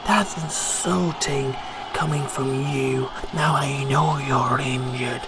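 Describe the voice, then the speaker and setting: A man voicing a smug male wrestler who talks down to rivals slowly and quietly, sometimes in a whisper. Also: mid-range voice, steady tone, gravelly, over loud music.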